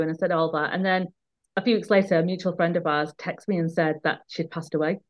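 A woman with a lowish voice tells a personal story in an earnest, emphatic way. She often repeats words when the point matters to her. The sound is a bit muffled and dull. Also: steady tone, fast talker. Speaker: guest. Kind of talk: candid conversational storytelling.

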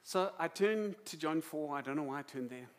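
A man with a South African accent preaching a sermon in a lively, emotional storytelling manner. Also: on the high side, moderate pace. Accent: South African English. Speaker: pastor.

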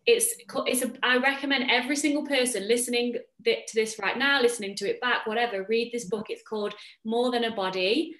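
A woman's voice: a little high, fairly even intonation, brisk, few pauses, a bit bright. Effusive woman podcast host, roomy echo. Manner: effusive, gushing with compliments. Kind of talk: casual interview chat.

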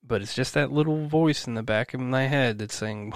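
A man's voice: mid-range voice, normal speed, no room sound, studio quality. Swearing man venting to his listeners. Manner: swearing, rambling, self-encouraging. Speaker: podcast host. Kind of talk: personal venting monologue.

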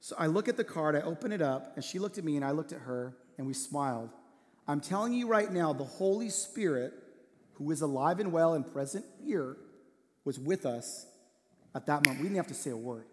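Earnest preacher with a slightly high voice. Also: male voice, lively intonation, a little fast. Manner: earnest storytelling, drops to a hushed voice for tender moments. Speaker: pastor. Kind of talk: sermon. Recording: long hall reverb.

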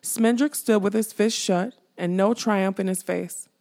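A woman narrating a fantasy audiobook in a measured storytelling manner. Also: medium pitch, fairly even intonation, vocal fry, a little mellow.

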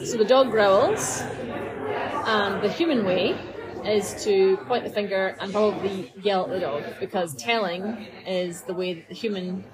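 A woman's voice: mid-range voice, a little slow, poor audio. A woman dog behaviourist co-hosting a podcast, chatty and thinking aloud as she talks. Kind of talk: casual conversational discussion. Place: busy coffee shop. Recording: loud cafe crowd behind.

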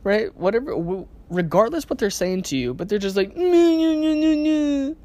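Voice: mid-range voice, very animated, brisk, a little mellow. A podcast host giving a casual self-help monologue in a conversational way, often checking in with the listener by asking "right?" and laughing now and then.

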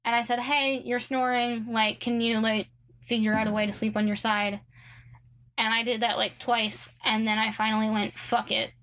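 A young woman with a slightly high voice tells a story in a loose, chatty way. She fills her sentences with likes and ums and drops in dry, sarcastic asides. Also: flat delivery, moderate pace, a bit bright. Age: young adult. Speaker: guest telling a story. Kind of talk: casual storytelling chat.

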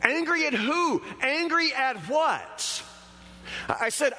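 Male pastor, sermon delivery, talky and emphatic with stammered restarts; high voice, long church reverb. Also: lively intonation, slow, bright, forceful tone.

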